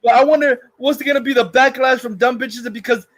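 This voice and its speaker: High-voiced man ranting on a livestream. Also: fairly even intonation, a little fast, fairly bright tone, dry recording. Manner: profane, laughs often, rambling. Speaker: livestream host. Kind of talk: casual livestream chat.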